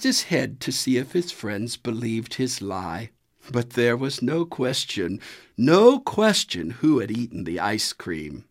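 A man reading a children's story aloud in an expressive storytelling manner. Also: mid-range voice, slow. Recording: soft music underneath. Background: faint music.

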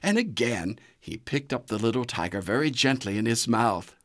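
A storyteller reading a children's animal fable in an animated, expressive way, with dramatic pauses. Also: medium pitch, soft background music.

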